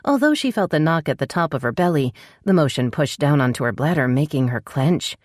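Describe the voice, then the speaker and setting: A woman narrating a romance audiobook in an expressive, scripted style, close to the mic. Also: fairly quick, few pauses, no echo. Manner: expressive, voices dialogue with sharp pitch jumps.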